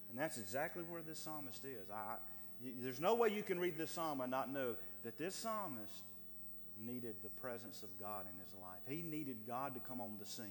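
Guy preaching a sermon, fervent, goes loud then real quiet, reverby church hall. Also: a little high, slight background noise. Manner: impassioned, swinging from shouts to hushed pleading. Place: church sanctuary.

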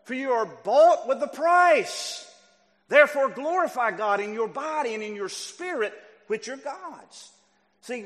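A high-voiced man preaching a sermon, his voice swinging widely as he climbs to near shouts and then drops low. His words ring out with a long reverb through a church hall. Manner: animated, rising to near shouts and dropping low. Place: church sanctuary.

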